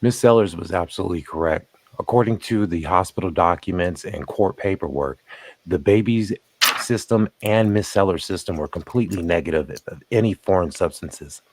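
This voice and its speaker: A man narrating commentary over footage in a measured, pointed way, asking rhetorical questions. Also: low voice.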